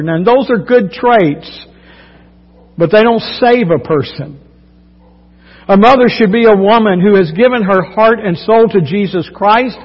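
A male pastor preaching a sermon in a church, with folksy, joking storytelling that turns earnest. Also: high-pitched. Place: church sanctuary. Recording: long hall reverb, dull lo-fi sound.

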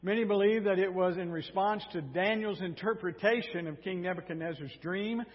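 A male preacher with a high voice retells a story from the pulpit in a lively way, adding sarcastic asides. The sound is dull and carries a long reverb from a large hall. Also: brisk. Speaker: pastor. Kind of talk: sermon.

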